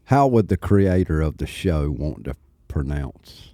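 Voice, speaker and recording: A man's voice: a bass voice, big pitch swings, measured pace, dark tone, no echo, clean studio sound. A man co-hosting a podcast in casual chat, easygoing and joking. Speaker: podcast co-host.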